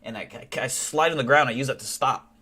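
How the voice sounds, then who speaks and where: A man streaming live, telling wild stories in animated, profane, casual chat. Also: medium pitch, fairly quick.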